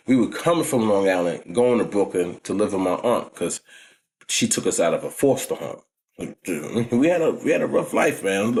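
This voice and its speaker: A man in his forties with a New York accent, telling stories from his past in a casual vlog, heavy on street slang and frequent "you know what I'm saying.". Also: medium pitch. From New York, United States. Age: 40s. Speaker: vlogger. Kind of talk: casual storytelling.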